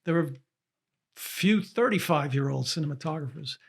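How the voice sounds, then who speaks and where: An older man with a scratchy, dry voice that sits a little high for a man. He answers interview questions earnestly as a veteran cinematographer, repeating his key advice for weight. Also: lively intonation, moderate pace, vocal fry, slightly rough. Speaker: cinematographer guest.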